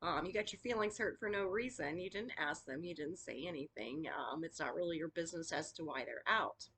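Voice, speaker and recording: A woman's voice: low voice, a little fast, a bit bright, breathy edge. Chatty woman teaching energy healing. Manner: chatty and encouraging, with frequent fillers. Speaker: Reiki teacher. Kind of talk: casual spoken lesson.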